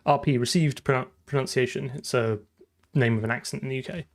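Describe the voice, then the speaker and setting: A man with a southern English accent chatting casually as he codes on a live stream, thinking aloud and laughing now and then. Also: medium pitch. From southern England. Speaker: programming streamer. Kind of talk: casual live-coding chat.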